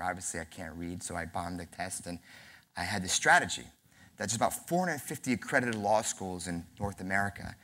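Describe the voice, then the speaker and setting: A man's voice: low-pitched, a bit bright. A man in his early forties, from New York, giving a humorous, self-deprecating keynote speech at a convention center. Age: early 40s. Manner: storytelling with acted dialogue. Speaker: keynote speaker.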